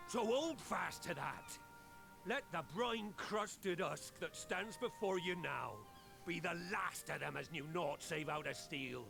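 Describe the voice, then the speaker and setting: An actor playing an older, gruff pirate captain who talks in old-fashioned pirate speech and gives stern, rousing speeches. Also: male voice, a little high, animated, measured pace. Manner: scolding, rousing oratory. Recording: game audio under music.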